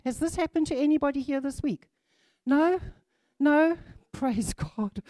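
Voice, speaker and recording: A woman preaching a sermon to a congregation, reading scripture aloud and repeating key phrases with lively emphasis. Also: high voice, moderate pace, no room sound, clean studio sound.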